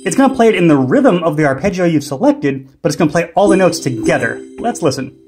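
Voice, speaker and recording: A man's voice: a little high, big pitch swings, fast. A man hosting a music gear tutorial, explaining casually and unhurriedly with frequent ums and restarts. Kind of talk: casual instructional demo.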